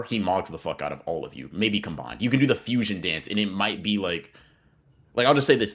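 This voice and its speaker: Young male podcast co-host, low-pitched, animated slangy storyteller. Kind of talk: casual storytelling chat.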